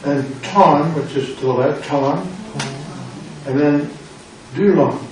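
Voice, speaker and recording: Here an older American man, a pastor, speaks slowly in a high-leaning, darkish voice. He's running a drill-based Greek lesson in a church classroom, testing students, repeating terms and punning playfully. The room echoes a lot, the mic is far off, and there's noise.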